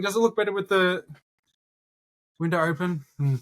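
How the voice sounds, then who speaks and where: A young man chatting on a podcast, his voice sitting a little high for a man. He talks in a relaxed, loose way, swearing freely and throwing in "dude" and "bro" as he goes. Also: moderate pace. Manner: laid-back, swears a lot, says dude and bro. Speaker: podcast co-host, YouTuber. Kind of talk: casual podcast chat.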